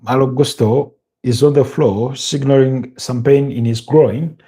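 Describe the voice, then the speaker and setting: Husky, mellow-voiced man commentating football. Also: medium pitch, fairly even intonation, a little slow. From Uganda. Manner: thinking aloud, hesitant, repeats words, chuckles. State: tired, yawning. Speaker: football watch-along commentator. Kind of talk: live match commentary and chat.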